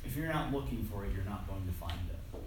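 A preacher's lowish, expressive voice, sitting in a middle register, moves fairly quickly through a loose, self-deprecating, conversational sermon full of restarted phrases. He's heard from afar in an echoey hall, with a faint hiss underneath.

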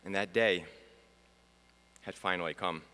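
A man preaching a sermon, swinging between loud proclamation and hushed, solemn passages. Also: low-pitched, steady tone, unhurried, clear, resonant tone. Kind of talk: sermon teaching. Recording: long hall reverb.

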